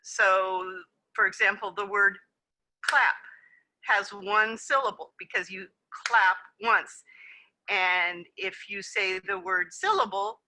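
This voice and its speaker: A woman's voice: mid-range voice, steady tone, takes it slowly, bright, forceful tone, rough recording. A woman presenting a conference session over a video call, explaining in a friendly way with some fillers. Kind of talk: webinar presentation.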